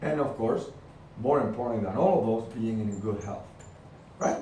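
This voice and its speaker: A middle-aged man giving an energetic, emphatic motivational talk to his team, telling stories with punchy repetitions. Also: lowish voice, moderate pace. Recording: very echoey room, far from the mic, faint noise.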